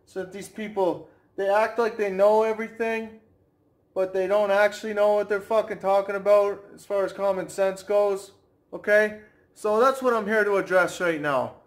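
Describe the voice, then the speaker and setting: A man ranting to camera as a fitness vlogger, brash and mocking, slowing right down to stress his points. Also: sits high, steady tone. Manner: brash, mocking, slows down for emphasis.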